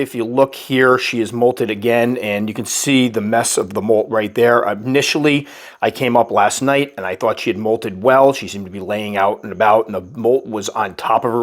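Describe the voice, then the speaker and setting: A man with a slightly stuffy voice, calmly narrating a casual update about caring for his pet tarantula. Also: lowish voice. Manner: calm, explanatory, patient. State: stuffy, recovering from illness. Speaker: tarantula keeper and channel host.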